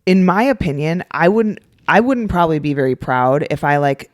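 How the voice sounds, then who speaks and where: A woman's voice: low voice, moderate pace, dry recording, studio quality. A woman co-hosting a podcast in casual chat, rambling with fillers and restarts. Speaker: podcast co-host.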